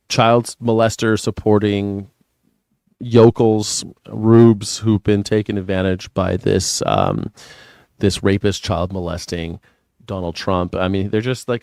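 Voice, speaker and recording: A man's voice: medium pitch, smooth, dry recording, clean studio sound. A man hosting a casual news commentary show, rambling and profane, who laughs at his own jokes. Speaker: host.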